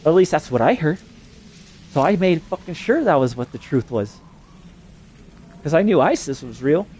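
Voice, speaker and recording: A man's voice: a little high, very animated, normal speed, darkish tone, slight background noise. A man from New Mexico delivering an agitated, profanity-laden rambling monologue. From New Mexico, USA.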